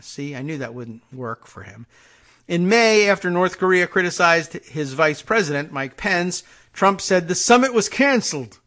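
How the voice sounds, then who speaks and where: A man's voice: fairly high pitch, fairly bright tone. A man hosting a political podcast, reading news stories aloud with sardonic, wry asides.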